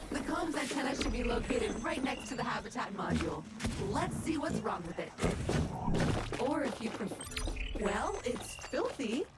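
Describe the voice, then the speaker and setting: Snarky helper computer AI in a game, high voice that swoops a lot, loud music behind. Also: female voice. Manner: polite assistant tone with dry, deadpan remarks. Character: female habitat computer AI, helpful and dryly sarcastic. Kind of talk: video game voice acting.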